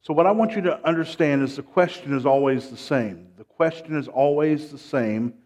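A man preaching a sermon. He repeats his phrases, calls for amens and swings from hushed lines to loud, rising ones. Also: a little high, moderate pace.

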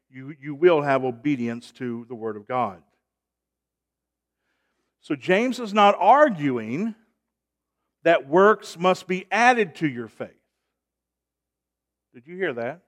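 A man's voice: on the high side, sing-song, slow, pauses often. A man delivers a sermon from the pulpit. He preaches emphatically and swells in volume to drive home each key point. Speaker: pastor.

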